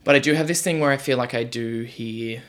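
A man's voice: medium pitch, a little fast, fairly bright tone. A man hosting a podcast, chatting casually and retelling stories. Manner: chatty, storytelling. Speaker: podcast host. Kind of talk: casual chat.

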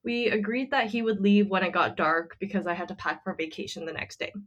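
A woman's voice: medium pitch, brisk, fairly bright tone, dull audio. A woman co-hosting a casual podcast, retelling a friend's story in a chatty way with lots of fillers. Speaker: podcast co-host.

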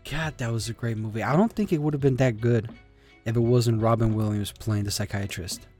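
A man's voice: medium pitch, brisk, a little mellow, faint music behind. Rambling man in casual solo chat. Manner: rambling, swearing, emotional.

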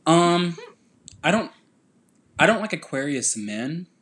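A young man co-hosting a podcast, talking loud and blunt in casual chat. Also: on the high side, sing-song, takes it slowly, a little hiss or hum. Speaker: podcast co-host.

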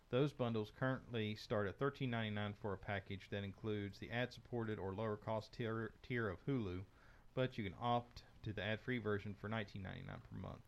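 Chatty man hosting a tech podcast. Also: mid-range voice. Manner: reads news items aloud with frequent fillers. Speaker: podcast host. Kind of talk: casual tech news chat.

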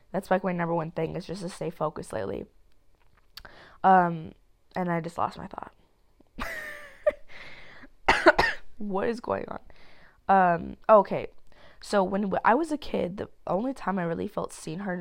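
A woman's voice: fairly low pitch, gravelly. A nineteen-year-old woman hosting a solo podcast, rambling candidly with plenty of fillers and casual swearing while getting over a cold. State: sick with a cold. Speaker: podcast host.

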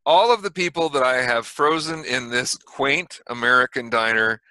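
A man voicing a mysterious stranger in a fedora, speaking in a calm, measured and coldly polite way over a video call. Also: mid-range voice, clear, resonant tone, no room sound, lightly acted.

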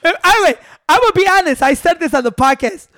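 A man hosting a podcast, telling a story in animated, swearing casual chat with Spanish words mixed in. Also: extremely high pitch, quick pace, no room sound, clean studio sound. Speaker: podcast host.

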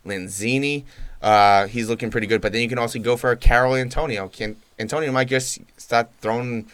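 A man's voice: medium pitch, a little fast, fairly bright tone, smooth, dry recording. A man co-hosting a casual soccer podcast, rattling off team fixtures and laughing easily with friends. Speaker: podcast co-host.

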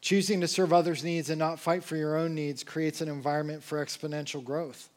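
High-voiced man preaching casually. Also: brisk. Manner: casual, conversational preaching with lively acted quotes. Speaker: pastor. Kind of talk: sermon.

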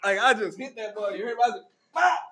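A man hosting a casual comedic chat, telling animated stories and laughing often. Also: high voice, racing, a little hiss or hum.

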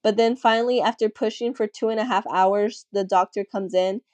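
A young woman tells a personal story in casual chat, candid and animated, sprinkling her talk with "like." Her voice sits at a middle pitch and sounds mellow and warm. The recording is close and dry. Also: moderate pace, no room sound. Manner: candid storytelling, acts out quoted voices, frequent "like". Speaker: podcast guest.

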